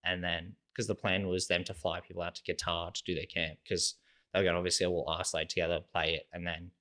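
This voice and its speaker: A young Australian man with a very low, deep voice, talking casually as an interview guest. He rambles through his story and leans heavily on "like" and "sort of" as he goes. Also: flat delivery, fast, pushed and bright. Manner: rambling, heavy use of "like" and "sort of" fillers.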